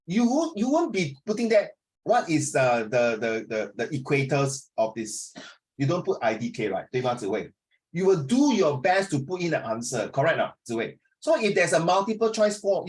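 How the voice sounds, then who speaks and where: A middle-aged English tutor runs an online class over a video call, chatting and teasing his students. His voice sits on the higher side and swings widely in pitch.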